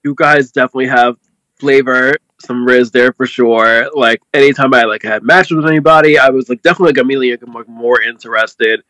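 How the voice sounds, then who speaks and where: A man chatting as a podcast guest in a relaxed, measured way. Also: medium pitch, no room sound, low-quality recording. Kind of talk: casual podcast chat.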